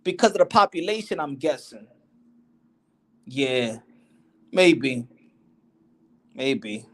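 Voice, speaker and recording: A man's voice: medium pitch, lively intonation, takes it slowly. A man hosting a boxing podcast, talking in a casual, slangy street style. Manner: slangy, loose street talk. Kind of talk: casual chat.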